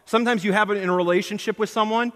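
A high-pitched, slightly bright male voice fires off a sermon rapidly but in a steady tone, echoing with long reverb in a church hall. The pastor presses his congregation with questions and acts out quoted lines.

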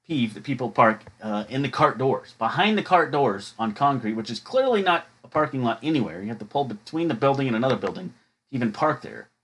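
A man's voice: medium pitch, fairly bright tone, husky. Chatty man telling funny work stories. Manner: chatty, jokey, acts out quotes. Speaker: podcast host. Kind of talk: casual storytelling.

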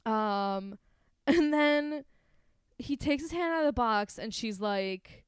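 A woman's voice: a little high, expressive, slow, clean tone, no echo, clean studio sound. Laughing, sarcastic young woman podcast co-host. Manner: laughing, sarcastic, swears freely. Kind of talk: casual chat recapping a film.

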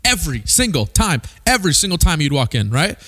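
Animated young male preacher. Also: a little high, a little fast. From Missouri. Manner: animated, rhetorical questions to the crowd. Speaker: pastor. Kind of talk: sermon.

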